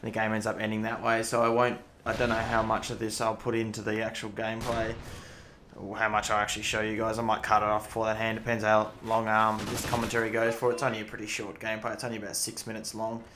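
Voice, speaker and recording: A man's voice: fairly low pitch, monotone, quick pace, background noise. A young man doing casual gameplay commentary, rambling through stories and swearing freely. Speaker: gaming YouTuber. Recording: echoey room, loud game gunfire. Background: loud game audio with gunfire.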